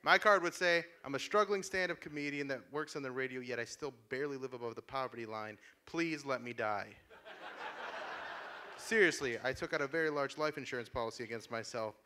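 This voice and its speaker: A man in his thirties doing a stand-up comedy set on a small club stage, sardonic and deadpan with sudden shouted outbursts. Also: mid-range voice, fast talker, few pauses, slight background noise. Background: small audience laughing.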